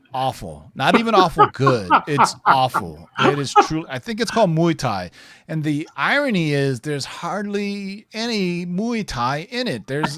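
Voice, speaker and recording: A man's voice: on the high side, fairly bright tone, no room sound. A man co-hosting a casual live stream, reading viewer questions and rambling with self-corrections and chuckles.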